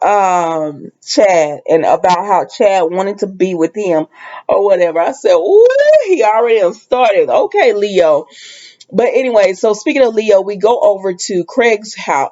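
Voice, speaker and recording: A woman's voice: medium pitch, a little mellow, muffled recording. A woman casually recapping a soap opera episode in a chatty storytelling way, acting out the characters' lines as she goes.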